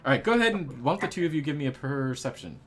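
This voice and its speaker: A man's voice: mid-range voice, expressive, very fast, a bit bright, faint music behind. A man narrating a tabletop game as game master, rambling and hesitant with many fillers.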